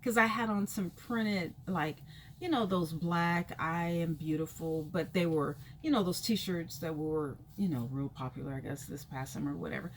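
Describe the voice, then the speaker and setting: A woman vlogger telling a personal story in a casual, rambling way, full of fillers, her pitch leaping when she acts out reactions. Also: moderate pace, slight background noise. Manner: chatty and rambling, full of "you know" fillers; animated, jumps high in pitch when acting out reactions.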